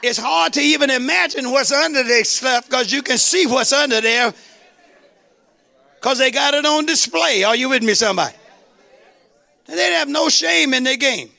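A male pastor preaching a sermon, calling out to the congregation for responses and shouting exclamations. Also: very high-pitched, normal speed, gravelly, long pauses, a faint crowd.

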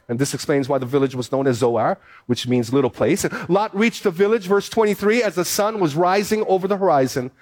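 A high-pitched male pastor in his fifties delivers a fervent sermon. He hammers phrases again and again and trips into quick restarts as he drives his message home. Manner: impassioned, repetitive preaching with stammered restarts. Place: church in Hawaii.

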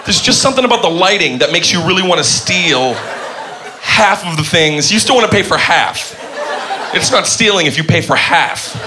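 Excitable male stand-up comic. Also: sits high, normal speed. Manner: excitable, playful storyteller. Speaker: stand-up comedian. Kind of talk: stand-up comedy set. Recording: live club, crowd and room noise. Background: audience laughing.

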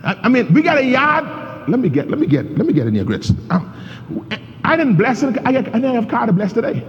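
A male pastor preaching a sermon, leading his congregation through a reading and swinging between shouting peaks and low asides. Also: huge pitch swings, fast. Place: church sanctuary. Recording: dull reverberant church recording with faint noise.

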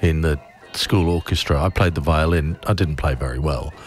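A man's voice: a bass voice, moderate pace. A man hosting a comic trivia monologue, rambling from fact to fact, correcting himself and chuckling. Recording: loud music behind.

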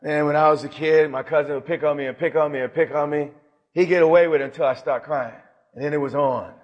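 A man preaching to a live room, dramatic in his swings from loud declarations to hushed asides. His voice sits a bit high. A long reverb from the hall trails each phrase. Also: fairly even intonation, quick pace, highs cut off. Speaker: bishop and preacher. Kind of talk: sermon. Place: large hall with audience.

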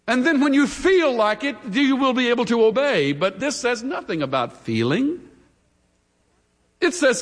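A man preaching a sermon as pastor, with dramatic pauses that build to emphatic peaks. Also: very high-pitched, very animated, big-room sound.

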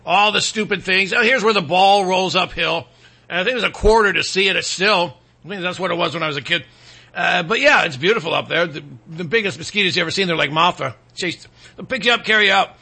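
A man from Michigan hosting a talk show, rambling and sarcastic, clearing his throat now and then between political rants and ad reads. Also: sits high, quick pace, bright, forceful tone. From Michigan, USA.

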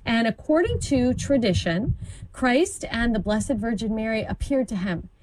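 A woman's voice: a little high, lively intonation, moderate pace, a little mellow, slight background noise, poor audio. A woman commentator on a talk program, explaining events with enthusiasm and an occasional stumble. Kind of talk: informative conversational talk.

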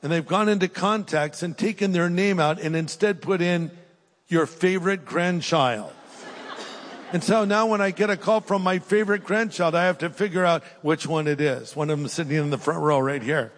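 An older man preaching a sermon in a large church, earnest and urging, shifting between raised appeals and quiet, hushed prayer. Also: fairly high pitch, fairly quick, hardly any pauses, a little hiss or hum. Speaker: pastor. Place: large church auditorium with live audience. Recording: long hall reverb.

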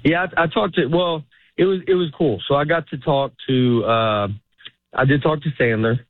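A man's voice: on the high side, normal speed, no echo. A stand-up comedian in his forties chatting loosely in an interview, often breaking off mid-thought and laughing. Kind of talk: casual interview chat. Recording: phone-like narrow line, dry.

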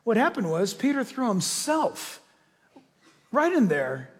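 Husky, animated male pastor in a hall. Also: very high-pitched, takes it slowly. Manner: animated storytelling, acting out voices. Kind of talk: sermon. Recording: long reverb of a large hall.

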